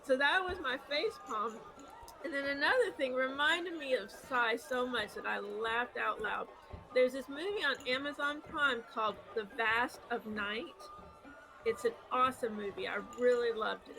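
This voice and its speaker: A woman co-hosting a casual live show, telling funny stories about herself with lively, self-deprecating energy. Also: fairly high pitch, normal speed, gravelly, soft background music, poor audio. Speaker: podcast co-host. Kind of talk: casual storytelling chat.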